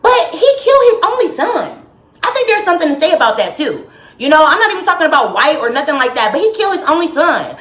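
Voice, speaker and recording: A woman ranting heatedly and emphatically to her viewers on a live stream from home, her voice swinging widely in pitch. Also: big pitch swings, fast, fairly bright tone, roomy sound. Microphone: phone or webcam live stream.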